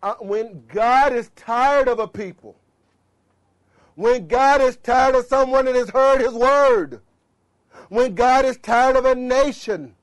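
A man preaching a sermon with passion, swinging between loud exhortation and low murmurs. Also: slow.

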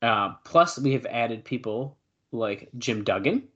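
A male podcast co-host in casual chat, reading out old news notes and adding quick asides. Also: medium pitch, expressive, a bit bright, muffled recording.

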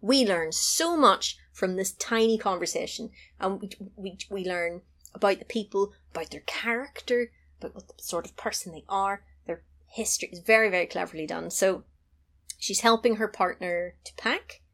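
A woman on a podcast, chatting casually as she retells a film scene by scene, now and then jumping high to act out lines. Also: moderate pace. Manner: animated storytelling, acting out lines in a high voice. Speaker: podcast co-host recapping a film. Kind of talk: casual chat.

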